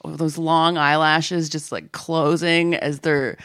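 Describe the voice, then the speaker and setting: A woman guest on a comedy podcast, talking in a deadpan, cheerfully morbid way. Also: sits low, slow, smooth, dry recording, clean studio sound. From Canada. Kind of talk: improvised comedy chat.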